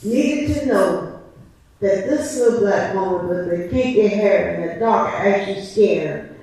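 A woman's voice: medium pitch, a little slow, mellow. A woman giving an impassioned church testimony as a licensed preacher, with a preaching cadence and emphatic repetition. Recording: echoey church from a distance.

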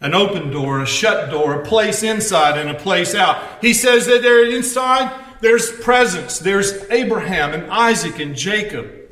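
Male preacher, chatty storytelling sermon with dry humor, sharp bright tone, roomy echo. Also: sits high, expressive, measured pace. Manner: storytelling, wry asides. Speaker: pastor. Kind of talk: conversational sermon.

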